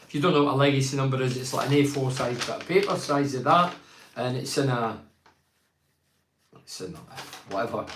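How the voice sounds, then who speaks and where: A man, hosting a casual football chat show, telling rambling stories and reading out viewer comments with many restarts. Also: mid-range voice. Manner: rambling, chatty storytelling with frequent restarts. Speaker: football pundit and show host. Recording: roomy echo.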